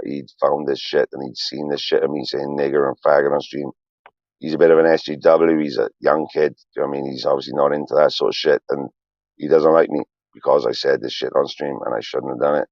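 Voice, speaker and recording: A man's voice: extremely low pitch, creaky, a little mellow, no room sound, highs cut off. A man in his forties, a streamer, rambling on a livestream in a profane, emotional, confessional way.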